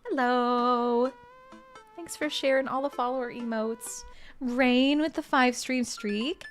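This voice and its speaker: A woman's voice: sits high, unhurried, soft background music. A young adult woman streaming a video game, chatting casually and playfully while reading the game's text aloud. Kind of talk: casual game playthrough commentary.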